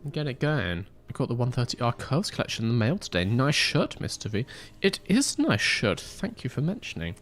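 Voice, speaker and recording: A man's voice: mid-range voice, sing-song, a little fast, a bit bright. A young man streaming a racing management game, chatting casually with joking banter and mock outrage. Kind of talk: casual live-stream chat.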